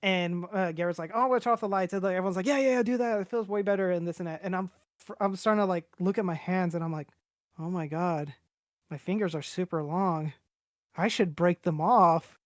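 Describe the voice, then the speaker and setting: A man's voice: high voice, fairly even intonation, fairly quick, dry recording, clean studio sound. A young man telling a long personal story on a podcast in a casual, rambling way, swearing freely and acting out what everyone said. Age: young adult. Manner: rambling, profane, acts out quoted voices.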